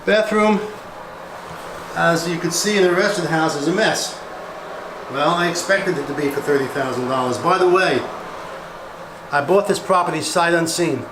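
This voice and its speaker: Pausing often as he goes, a man with a fairly high pitch and normal pace tours an empty house he's renovating as an investor. His commentary is casual and plain, like thinking aloud. Background noise is present, and the bare rooms echo.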